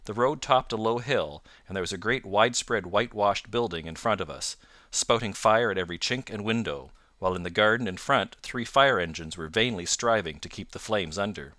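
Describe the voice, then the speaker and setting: A man narrating an audiobook in a steady, formal storytelling manner. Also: lowish voice, fairly quick, dry recording, studio quality. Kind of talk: scripted narration.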